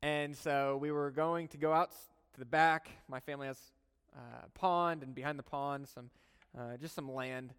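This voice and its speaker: A male pastor preaching a sermon in a conversational storytelling manner, moving between soft, earnest talk and loud, animated bursts. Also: medium pitch, normal speed, clean tone. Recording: long hall reverb.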